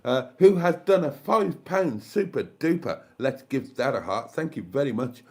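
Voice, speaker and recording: A man's voice: mid-range voice, lively intonation, moderate pace, hardly any pauses, darkish tone. Chatty older South Welsh man. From South Wales. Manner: rambling and chatty, thinking aloud, thanking viewers. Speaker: live-stream host. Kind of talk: casual live-stream chat.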